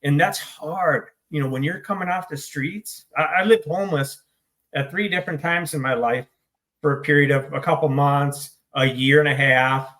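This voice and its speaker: Choked up, a middle-aged man from the United States recounts his recovery story as an interview guest and author in recovery. His slightly high, somewhat bright voice moves at normal speed, and he is blunt, self-deprecating, and swears.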